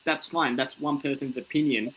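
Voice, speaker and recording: A man's voice: medium pitch, quick pace, low-quality recording. A young Australian man, a comedian, telling a story in a casual interview and acting out the people he quotes. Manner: animated, acts out quoted voices. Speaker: comedian guest.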